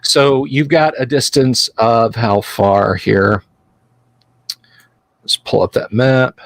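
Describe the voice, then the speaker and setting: A man running a tabletop game as game master, describing the scene in an unhurried, halting way. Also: mid-range voice, vocal fry, no echo, low-quality recording. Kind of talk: narrating a tabletop game livestream.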